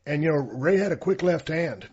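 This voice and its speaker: Husky man telling a laid-back story. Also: a little high, expressive, normal speed, a little mellow, dull audio. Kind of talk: casual chat.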